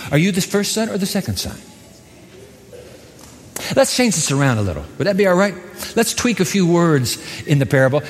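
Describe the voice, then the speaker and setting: A man preaching a sermon as pastor, dramatic and emphatic, acting out the voices in the story. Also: fairly high pitch. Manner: dramatic, acts out quoted voices, lively emphasis. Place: church hall. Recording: long hall reverb.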